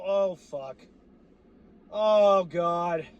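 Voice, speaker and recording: A man ranting as a sports fan vlogger, cursing freely and breaking into shouts, his voice going hoarse. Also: high voice, normal speed, muffled recording. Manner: fired-up, cursing, shouting outbursts. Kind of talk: profane fan rant.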